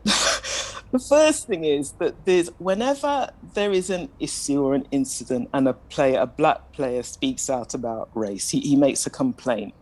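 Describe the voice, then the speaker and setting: A woman speaking as a panelist in a discussion, measured and questioning, often admitting she is ready to be corrected. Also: sits low, poor audio. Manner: measured, questioning, self-deprecating.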